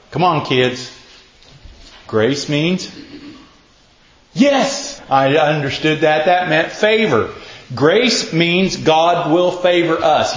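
A man preaching a casual sermon, telling folksy stories and quizzing his listeners. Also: on the high side. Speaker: pastor. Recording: echoey, muffled room recording.

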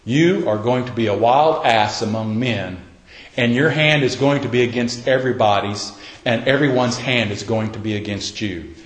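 A man preaching a sermon voices an aged, weary father giving a resigned, solemn blessing in a low, quiet voice. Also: normal speed, echoey room, in a large hall, natural voice, rough recording.

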